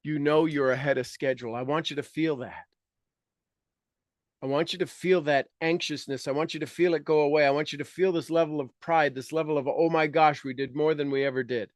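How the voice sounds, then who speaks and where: Male coach, slightly high voice, energetic and coaxing, dry close recording. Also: a little fast, no room sound. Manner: energetic, coaxing, acts out reactions. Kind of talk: guided visualization workshop. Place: online video call session.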